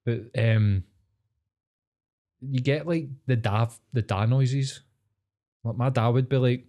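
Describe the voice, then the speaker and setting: A man's voice: medium pitch, takes it slowly, long pauses, darkish tone. A young man telling stories in casual, sweary podcast banter. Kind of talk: casual chat.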